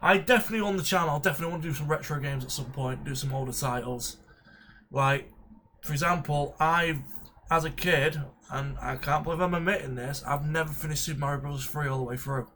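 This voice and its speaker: A man's voice: fairly high pitch, fairly quick, bright, forceful tone, a little hiss or hum. A young man chatting casually as a reaction streamer, rambling through jokey asides. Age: young adult. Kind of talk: casual chat.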